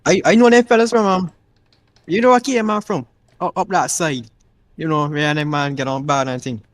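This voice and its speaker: Caribbean man, easygoing interviewee, a touch high, dry close sound. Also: moderate pace, dry recording. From Barbados. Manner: relaxed, rambling, many fillers like "yeah, man". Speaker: racing league driver being interviewed. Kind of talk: casual interview.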